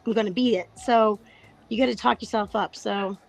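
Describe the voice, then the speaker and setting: A middle-aged woman with a hoarse voice, candidly chatting about trading on a panel, laughing and swearing casually. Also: medium pitch, fairly even intonation, normal speed, faint music behind, poor audio. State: lost her voice, tired.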